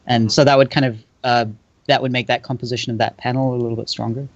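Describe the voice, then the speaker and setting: A man's voice: medium pitch, flat delivery, fast, no room sound. Man, mid voice, casual stream co-judge, filler-heavy, dry dull audio. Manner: hesitant, lots of "um" and "like". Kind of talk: casual live-stream chat.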